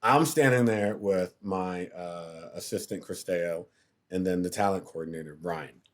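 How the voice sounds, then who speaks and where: A man's voice: sits low, measured pace. A TV producer on a podcast as a guest, telling a story animatedly, acting out the quotes and laughing as he goes.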